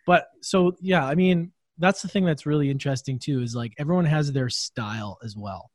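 A man's voice: fairly high pitch, normal speed, a little mellow, dry recording. Laid-back male host in a dry room. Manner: laid-back, rambling, says "bro" and "like". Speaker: podcast host. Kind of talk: casual interview chat.

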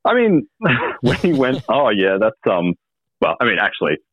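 A man's voice: mid-range voice, huge pitch swings, normal speed. A man telling a dating story as a guest, wry and hesitant with many ums. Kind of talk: casual storytelling. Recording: tinny phone line.

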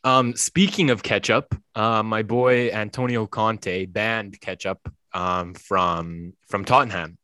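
A man co-hosting a casual sports podcast. His voice sits low, with a dry close-mic sound. He jokes his way through the news with plenty of ums. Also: fairly even intonation, slow pace, hardly any pauses, sharp tone, clear, resonant tone, no room sound. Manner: upbeat, joking, hesitant with fillers. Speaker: podcast co-host. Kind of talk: casual chat.

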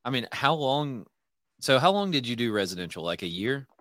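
A man's voice: mid-range voice, sing-song, brisk, a bit bright, dry recording. A man hosting a casual interview podcast, talking loosely with lots of fillers and restarts. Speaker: podcast host.

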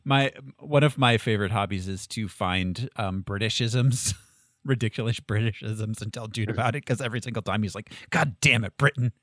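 A man's voice: on the low side, normal speed, no room sound, clean studio sound. A man hosting a casual movie podcast, joking and laughing often as he talks. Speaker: podcast host.

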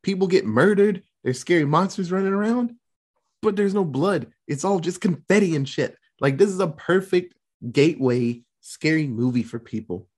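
A man co-hosting a podcast, reviewing a movie in casual chat, excitable and rambling, swearing freely. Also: fairly high pitch, moderate pace. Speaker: podcast co-host.

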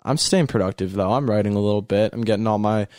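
A young man in his late teens co-hosting a casual chat, laid-back and tired, often pausing on fillers. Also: lowish voice, darkish tone, no echo, studio quality. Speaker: co-host.

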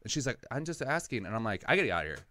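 A man with a lowish voice tears through a personal story at a rapid clip, swearing freely and acting out the people in it. He sounds like a comedian in a casual podcast chat. The recording is dry and close. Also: no room sound. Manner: rapid, animated, profane anecdotes. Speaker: comedian guest.

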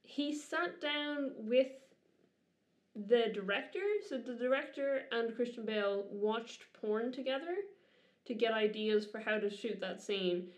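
A Dublin woman with an Irish accent co-hosts a podcast, chatting and giggling casually in a roomy, echoey space. Her voice is fairly high, with a steady tone and an unhurried pace.

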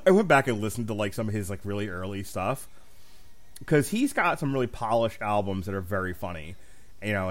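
A man co-hosting a podcast, telling profane stories with loud mimicked voices. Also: fairly low pitch. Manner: profane, animated storyteller, mimics voices loudly. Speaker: podcast co-host. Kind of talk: casual chat.

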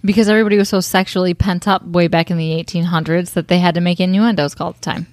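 A woman's voice: on the low side, fairly even intonation, quick pace, a little mellow, no room sound. Dry-voiced woman telling a history story. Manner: laughing, joking storyteller. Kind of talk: casual chat.

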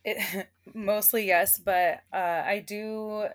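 A woman's voice: mid-range voice, fairly even intonation, takes it slowly, no room sound, clean studio sound. A young adult woman, a veterinary technician and animal communicator, talking casually as a podcast guest with frequent fillers and laughs.

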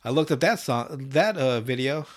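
A man's voice: medium pitch, expressive, moderate pace. A man hosting a podcast, casually recapping a cartoon episode in a loose, profane way and laughing often. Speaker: podcast host.

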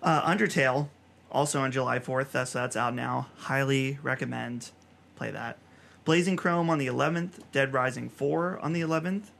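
A man's voice: medium pitch, gravelly, a bit bright, a little hiss or hum. A man hosting a casual gaming podcast, running through news items in a chatty way. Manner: reads news items rapid fire, chatty. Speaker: podcast host. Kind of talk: casual chat.

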